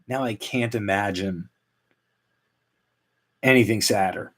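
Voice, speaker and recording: A man in his late thirties hosting a solo comedy podcast, rambling in a deadpan, self-mocking way. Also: lowish voice, takes it slowly. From Canada. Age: 30s. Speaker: podcast host. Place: at home.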